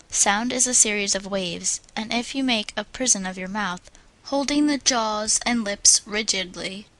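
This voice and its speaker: A woman's voice: medium pitch, a bit bright, low-quality recording. Woman reading a speaking guide aloud. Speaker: audiobook narrator. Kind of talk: scripted audiobook narration of a speaking guide.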